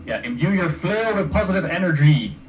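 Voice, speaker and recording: A man plays a tabletop game over voice chat, joking and ribbing his friends between turns. His voice is on the high side and sounds set back from the microphone. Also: big pitch swings, a little fast, far from the mic, a little hiss or hum, low-quality recording. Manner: joking, teasing banter. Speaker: player.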